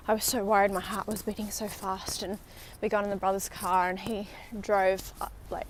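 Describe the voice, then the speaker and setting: A woman's voice: medium pitch, steady tone, normal speed, slight background noise. A young woman, chatting and rambling on a walking vlog outdoors, recorded on a handheld phone, sometimes dropping to a whisper for asides. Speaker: vlogger. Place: outdoors on a riverside walk in a city.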